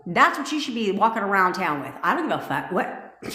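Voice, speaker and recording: A woman's voice: medium pitch, sing-song, a little fast, sharp tone. A woman manifestation coach giving a blunt, profanity-laced pep talk on a live stream. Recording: echoey room.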